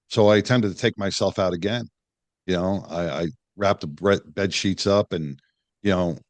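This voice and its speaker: Blunt, profane middle-aged man, very deep voice. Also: no echo. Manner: blunt, profane, full of restarts and acted-out quotes. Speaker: guest, retired police detective and firefighter. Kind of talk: candid storytelling in a podcast interview.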